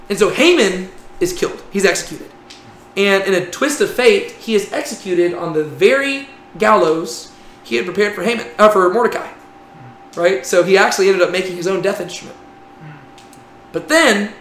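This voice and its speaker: A man's voice: sits high, a bit bright. A man teaching a Bible class in a conversational way, often checking in with "right?". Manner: conversational, frequent "right?" tags. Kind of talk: casual Bible class lecture. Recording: echoey room with faint noise.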